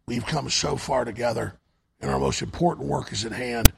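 A hoarse man hosting a talk show, urgently pitching products and asking for donations on air. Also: moderate pace, noisy background. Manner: urgent, repetitive sales pitch. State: hoarse, voice nearly gone.

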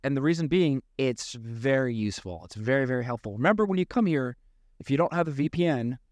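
A man's voice: medium pitch, quick pace, no echo, studio quality. A man in his forties co-hosting a podcast, chatting casually and joking as he tells a story. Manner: relaxed, jokey, repeats himself. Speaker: podcast co-host.

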